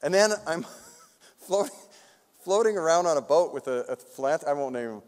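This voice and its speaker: A man telling a long, animated anecdote at a public talk, laughing often and acting out other people's lines. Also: a little high, normal speed. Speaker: award recipient speaking on stage. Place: large auditorium. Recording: long hall reverb.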